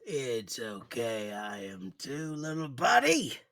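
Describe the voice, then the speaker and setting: A man playing a gentle, self-deprecating bird-man. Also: medium pitch, a little slow, slightly rough.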